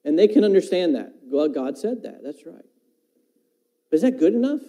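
High, bright-edged male preacher. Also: sing-song, moderate pace, low-quality recording. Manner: quotes scripture, asks the listeners questions; talks about teaching his own children. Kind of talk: sermon.

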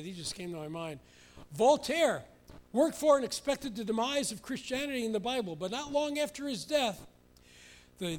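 A male pastor preaching an expository sermon, emphatic, with mocking asides and sudden loud outbursts. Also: high-pitched.

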